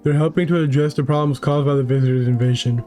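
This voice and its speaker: An official news announcer in a horror game, read by a man. He reads the bulletin in a measured, mellow voice, with faint music beneath. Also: mid-range voice, steady tone, natural voice. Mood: formal.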